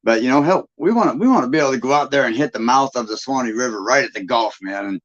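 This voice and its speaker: A man from Michigan hosts a casual live stream, rambling in a folksy way and laughing often. His voice sits in a middle pitch. The sound is dull and lo-fi. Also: animated, fast talker, fairly bright tone. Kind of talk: casual chat with viewers.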